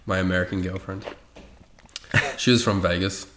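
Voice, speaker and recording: A young man, talking in a casual, laid-back way and dropping swear words freely. His voice sits a bit low. He sounds like he is chatting with a mate on a podcast. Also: steady tone, normal speed, fairly bright tone, slight background noise. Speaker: podcast co-host. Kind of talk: casual chat.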